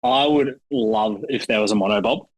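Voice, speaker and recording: An easygoing man talking as a podcast guest, relaxed and quick to laugh, his answers padded with ums and "you know." His voice is mid-pitched and recorded dry. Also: dry recording, rough recording. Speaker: bobsledder guest. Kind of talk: casual interview chat.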